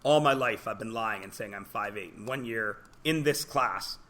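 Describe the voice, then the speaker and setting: A man's voice: lowish voice, normal speed, sharp tone. A man teaching a classroom lesson, joking, telling stories and quizzing his students. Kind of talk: classroom lecture.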